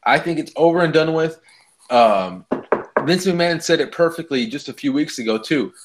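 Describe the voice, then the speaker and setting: A man's voice: on the high side, animated, moderate pace, noisy background. A man co-hosting a casual podcast, ranting heatedly with lots of swearing. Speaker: podcast co-host. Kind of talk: casual wrestling chat.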